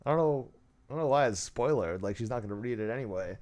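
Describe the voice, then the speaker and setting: A man's voice: medium pitch, animated, fast talker, darkish tone. A man hosting, reading messages aloud with dry, sarcastic, mock-serious commentary. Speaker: host.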